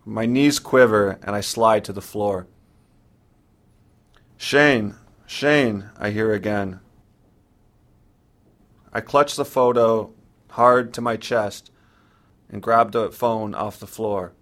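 A man narrating his own story in the first person, in a measured, sombre way. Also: on the low side, steady tone.

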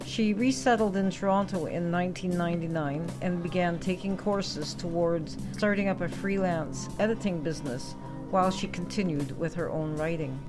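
A woman host giving an even, scripted introduction of a reader. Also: on the low side, normal speed. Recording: music playing under the voice.

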